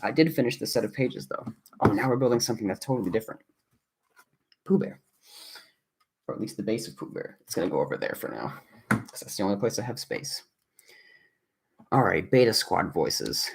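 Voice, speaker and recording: A man's voice: fairly low pitch, expressive, fairly quick, gravelly, pauses often, slight background noise. A man streaming from his apartment, chatting casually and rambling as he reads viewer comments aloud while he builds. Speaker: livestreamer and video creator. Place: home apartment.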